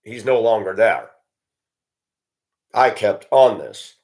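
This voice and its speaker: A man's voice: fairly low pitch, animated, slow, a little mellow. Indignant male vlogger, profane ranting monologue at a computer. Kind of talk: angry monologue to camera.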